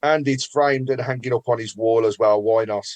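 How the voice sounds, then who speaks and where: A man's voice: medium pitch, fairly even intonation, normal speed, a little mellow, dry recording. A man presenting a casual football podcast, reading out listener comments in a chatty, upbeat way.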